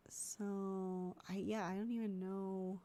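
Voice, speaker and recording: A woman's voice: medium pitch, level tone, slow pace, warm tone. A congested woman streamer chatting casually and thinking aloud while editing videos, easily distracted.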